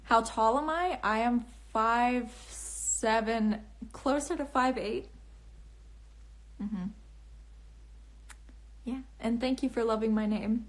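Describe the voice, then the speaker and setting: Giggly young woman on a slow livestream. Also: on the high side. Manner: bubbly, giggly, rambling with many restarts. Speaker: livestream host and author. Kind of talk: casual livestream chat answering comments. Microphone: phone camera.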